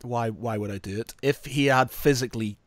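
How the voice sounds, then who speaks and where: A man's voice: mid-range voice, a little fast, no room sound. A man hosting a casual podcast chat, rambling, laughing often and saying "mate" and "you know".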